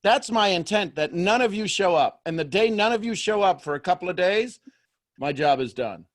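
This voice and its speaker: A man coaching someone on a call, pressing with quick rhetorical questions. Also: high-pitched, animated.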